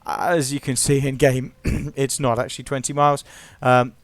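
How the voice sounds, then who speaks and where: A man's voice: mid-range voice, little pitch movement, normal speed, dry recording. A man giving casual, playful, self-mocking commentary while narrating his gameplay.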